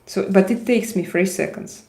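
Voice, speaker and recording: A woman from Russia with a Russian accent, hosting a casual livestream and chatting with viewers in a halting, restarting way. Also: medium pitch, a little mellow, reverberant. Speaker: livestream host.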